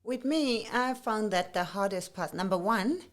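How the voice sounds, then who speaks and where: A woman's voice: mid-range voice, animated, measured pace. A woman co-host chatting casually and cutting in with dry, teasing remarks. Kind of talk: casual chat.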